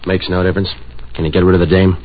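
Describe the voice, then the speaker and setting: Thug, deep, clipped, threatening, 1940s radio play, tinny sound. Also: male voice, little pitch movement, racing. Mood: menacing. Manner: blunt, clipped, low and threatening. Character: menacing flat-eyed male hoodlum.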